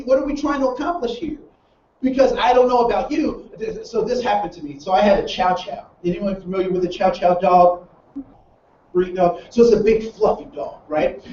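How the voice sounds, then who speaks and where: High-voiced male trainer in echoey room. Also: darkish tone, slight background noise. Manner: storytelling with rhetorical questions to the audience. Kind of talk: training seminar talk. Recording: roomy, distant, dull sound.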